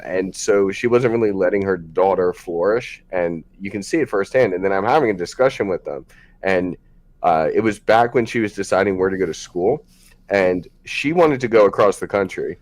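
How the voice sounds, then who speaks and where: A man hosting a podcast, talking frankly in a loose, rambling way with many fillers. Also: deep voice. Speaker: podcast host. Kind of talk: casual podcast chat.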